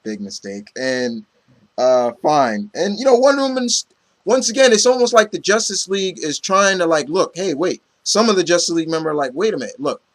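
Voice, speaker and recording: Animated and high-voiced, a man speaking at normal speed recaps a comic book story in a casual, filler-heavy ramble, voicing the characters' lines himself. There is no echo.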